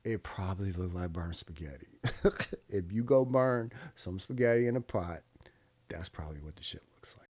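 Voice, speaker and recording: A man's voice: sits low, expressive, moderate pace, a little mellow. A man in his thirties hosting a reaction video, talking bluntly and casually, swearing often and laughing between remarks. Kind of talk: casual commentary.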